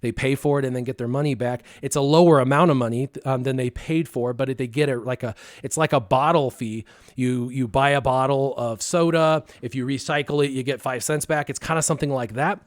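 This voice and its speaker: A man on a live stream telling a long personal story in casual talk, acting out his own past lines with lively bursts. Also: medium pitch, brisk, no echo, studio quality. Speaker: stream co-host.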